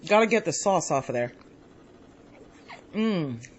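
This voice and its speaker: A woman's voice: lowish voice, animated, slow, slight background noise, poor audio. A woman chatting casually in a home cooking vlog. She rambles as she tastes her food, with lots of pleased mm's. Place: home kitchen.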